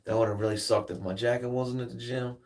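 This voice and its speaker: A man's voice: medium pitch, steady tone, fairly quick, darkish tone, distant mic. A laid-back man rambling on a livestream. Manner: laid-back rambling storyteller, swears freely. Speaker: livestream host. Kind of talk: casual livestream chat.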